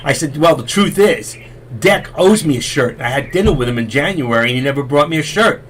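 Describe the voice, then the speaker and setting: A man's voice: on the high side, expressive, fairly quick, a bit bright, slight background noise. A middle-aged man hosting a live stream, telling rambling folksy stories and losing his voice. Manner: chatty, folksy, repeats himself. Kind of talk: rambling casual storytelling.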